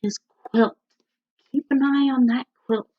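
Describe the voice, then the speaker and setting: A woman teacher reading a picture book aloud to young children at home, stopping to ask them questions. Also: high voice. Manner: slow, animated, asks the children questions. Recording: dull lo-fi recording.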